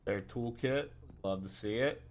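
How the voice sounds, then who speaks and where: A man's voice: mid-range voice, a little slow. A man streaming a horror game, chatting casually with viewers, rambling and swearing freely. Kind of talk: casual gaming stream chat.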